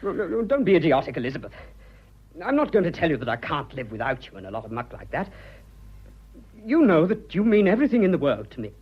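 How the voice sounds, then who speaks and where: An eager, blustering young English businessman in love in an old radio play. His voice swings lively up and down, a little husky, heard through a dull, muffled broadcast. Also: a little high, fast talker. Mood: flustered, ardent. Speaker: suitor. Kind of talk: 1940s radio acting.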